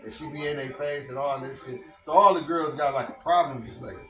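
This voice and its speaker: A man's voice: medium pitch, a little fast, distant mic. A man telling a long, profane story to friends, quoting everyone in it. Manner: profane, animated storytelling, quotes voices. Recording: echoey room with music playing.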